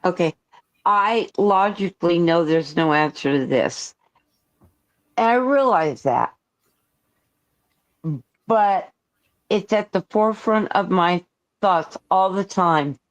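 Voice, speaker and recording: Slow, halting grieving woman. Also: fairly low pitch, expressive. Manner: halting, searching, questioning. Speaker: caller. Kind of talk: talking through grief.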